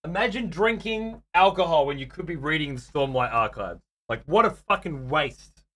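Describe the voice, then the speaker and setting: A man hosts a livestream from his room at home, trading profane, sarcastic banter with viewers in a casual way. His voice is a little high and a bit bright, expressive and at normal speed, with no room sound.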